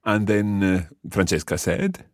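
A man's voice: lowish voice, fairly even intonation, a little slow, no room sound, studio quality. A man teaching a podcast language lesson, explaining patiently step by step and quizzing his learner.

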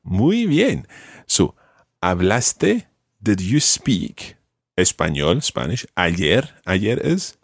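A man's voice: sits low, sing-song, drawn-out words, vocal fry, breathy edge, dry recording. A man teaching Spanish one to one, patient, repeating each word for his student. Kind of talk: one-to-one language lesson.

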